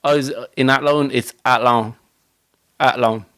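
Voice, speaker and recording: A man's voice: medium pitch, steady tone, measured pace, fairly bright tone, dry recording. An Irish man with a Dublin accent, co-hosting a podcast and arguing his point insistently in casual chat. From Ireland. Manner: argumentative, insistent. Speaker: podcast co-host.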